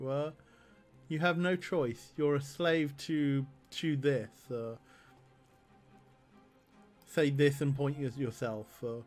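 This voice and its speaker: A man's voice: medium pitch, steady tone, slow pace, pauses often, faint music behind. A man streaming a text adventure game, reading the options aloud and laughing often.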